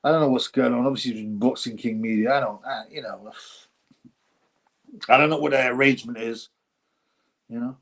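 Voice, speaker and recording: A man's voice: medium pitch, steady tone, fairly quick, vocal fry, long pauses. A middle-aged man, hosting a casual live stream, reading viewer comments aloud, rambling and laughing often. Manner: rambling, laughs often, breaks into mock announcer voices.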